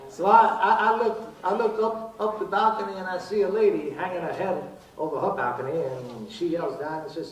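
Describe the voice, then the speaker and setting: Man doing a famous crooner's stage act, boomy live room. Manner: easygoing crooner patter, drawn-out lazy delivery. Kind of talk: stage stand-up banter between songs. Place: casino showroom stage with live audience. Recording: roomy live showroom, distant, audience and noise.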